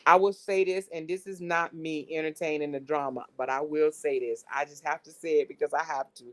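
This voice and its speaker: A woman's voice: low voice, fairly even intonation, fairly quick, a bit bright. A woman giving casual commentary to her viewers, breaking into fits of laughter. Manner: laughing fits, slangy, addresses viewers as y'all. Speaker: commentary vlogger.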